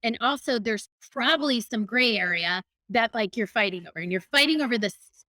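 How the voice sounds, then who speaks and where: Woman podcast host, fairly high, bright voice, chatty and empathetic, dry sound. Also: expressive, brisk, dry recording. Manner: empathetic, chatty, laughs easily. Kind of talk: casual podcast chat.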